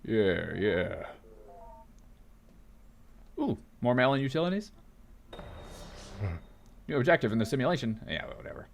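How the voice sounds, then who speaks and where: A man's voice: mid-range voice, lively intonation, fairly quick, pauses often, a little hiss or hum. A man casually commentating while he plays a video game, joking and reading on-screen text aloud. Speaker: gaming video host. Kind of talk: casual let's play commentary.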